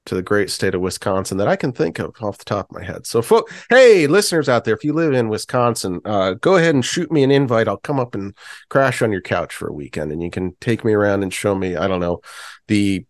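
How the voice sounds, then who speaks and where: Podcast co-host, man, low voice, crude mocking humor, dry recording. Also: a little fast, no echo. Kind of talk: casual comedic chat.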